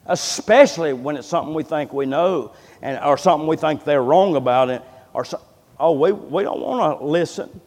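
A man with a somewhat high, darkish voice preaches at a moderate pace. As a pastor giving an impassioned, folksy sermon, he often repeats words while building up, and a large hall lends long reverb.

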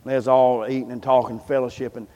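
A man's voice: medium pitch, flat delivery, fast talker, dark tone, highs cut off. A man preaching a sermon, impassioned and folksy, often repeating words as he builds up. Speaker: pastor. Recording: long reverb of a large hall.

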